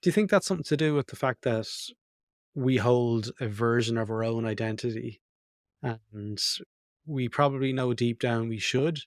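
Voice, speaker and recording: A man's voice: medium pitch, moderate pace, dry recording, clean studio sound. A man, hosting an interview and thinking aloud as he puts his questions. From Ireland. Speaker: podcast host. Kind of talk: conversational interview. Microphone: remote call mic.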